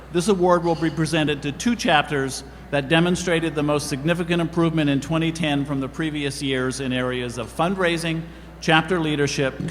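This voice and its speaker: A man presenting awards at a ceremony, reading the citations in a steady, formal way. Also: a little high. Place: event hall. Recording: reverberant hall, faint room noise.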